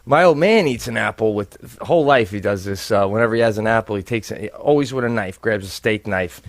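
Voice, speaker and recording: A middle-aged man co-hosting a comedy podcast, telling animated stories in casual chat with some swearing. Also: on the low side, brisk, no echo, clean studio sound. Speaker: podcast co-host.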